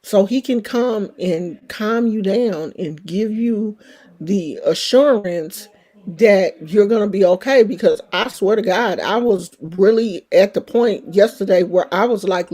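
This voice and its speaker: A woman's voice: medium pitch, measured pace, dark tone. A woman in her sixties chatting frankly and casually as a vlogger, swearing freely and speaking in an earthy way. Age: 60s. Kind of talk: casual to-camera chat.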